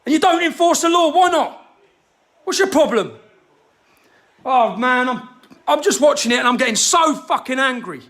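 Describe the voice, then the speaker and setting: A man's voice: very high voice, expressive, moderate pace, long pauses. A man delivering a furious, swearing monologue straight to camera. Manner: furious, shouting, heavy swearing.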